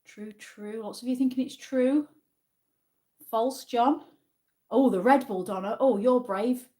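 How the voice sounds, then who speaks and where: A woman with a northern English accent hosts a relaxed livestream, chatting freely and reading viewers' comments aloud. She talks in an easygoing, friendly way and answers viewers as if they were in the room with her. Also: on the high side, a little slow. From Yorkshire, England. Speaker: livestream host. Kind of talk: casual livestream chat with a quiz.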